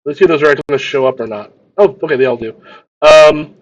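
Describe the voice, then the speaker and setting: A man's voice: a little high, quick pace, lo-fi sound. A man narrating a tabletop role-playing game as game master, often repeating words as he describes the scene.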